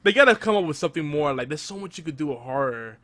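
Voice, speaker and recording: A man's voice: fairly high pitch, fast, dry recording. A man with a Puerto Rican accent, chatting playfully on a casual podcast. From Puerto Rico. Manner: playful, animated.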